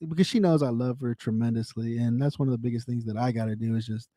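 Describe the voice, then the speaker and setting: A man's voice: mid-range voice, fast, warm tone, no room sound, clean studio sound. A man talking candidly on his own livestream, swearing freely, repeating himself and speaking to viewers by name. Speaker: livestream host. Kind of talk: casual emotional chat.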